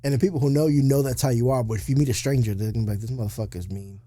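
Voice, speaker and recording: Fast-talking blunt, profane man. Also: mid-range voice, dark tone, no echo. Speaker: podcast co-host. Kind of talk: casual banter.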